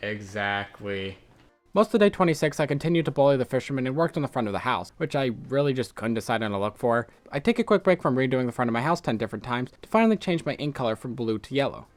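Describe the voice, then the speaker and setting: A man's voice: medium pitch, expressive, quick pace, faint music behind. A young man from Ireland narrating and commenting on his gameplay in a joking, self-deprecating way. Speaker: gaming video host.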